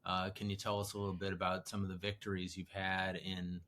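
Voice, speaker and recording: A man with a Chicago accent hosts a podcast interview, asking questions in an easygoing, joking way. His voice is very deep and low. A faint hum of background noise sits under him. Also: completely flat delivery, a little fast, fairly bright tone. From Illinois. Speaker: podcast host.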